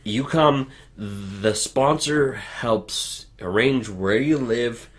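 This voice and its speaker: A man's voice: medium pitch, very slow. A man hosting a podcast, easygoing and explanatory as he recounts news stories in casual chat. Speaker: podcast host.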